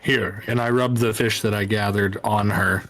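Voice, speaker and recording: A man's voice: lowish voice, fairly even intonation, normal speed, fairly bright tone. A man playing a tabletop game, speaking mock-solemnly in character. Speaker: player.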